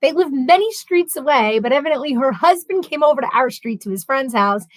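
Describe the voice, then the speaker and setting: A woman's voice: high-pitched, a little fast, no echo, low-quality recording. A woman hosting a casual live stream, reading viewer comments aloud and rambling through stories with bursts of laughter. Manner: chatty, rambling, reads comments aloud and answers them; animated storytelling with laughter.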